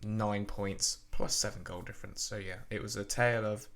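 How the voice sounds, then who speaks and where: A man's voice: lowish voice, fairly even intonation, moderate pace, gravelly, a bit bright. A young man hosting a casual football roundup in a chatty way, with frequent ums and asides to the viewer. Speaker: football channel host.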